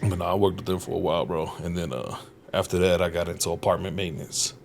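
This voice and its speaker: A man's voice: sits low, fast talker, vocal fry, a little hiss or hum. Profane, laughing storyteller man. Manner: profane, animated, laughs often, acts out quotes. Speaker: guest comedian. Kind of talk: casual storytelling chat. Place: podcast studio.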